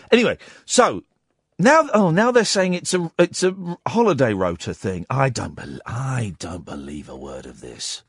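A man's voice: high voice, dry recording, clean studio sound. A man hosting a radio show, reading the news aloud and mocking it in a sarcastic, jokey way. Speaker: radio host. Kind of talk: casual radio chat. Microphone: studio mic.

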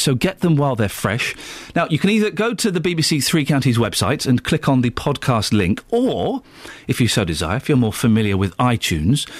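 A man's voice: mid-range voice, no room sound. A man hosting a live radio phone-in, chatty and jokey, who stumbles over his words now and then. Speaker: radio host.

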